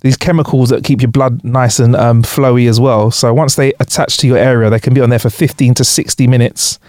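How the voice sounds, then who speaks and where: A man's voice: mid-range voice, fairly even intonation, brisk, darkish tone, no echo, clean studio sound. A young man co-hosting a casual podcast, explaining facts with frequent laughter. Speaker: podcast co-host.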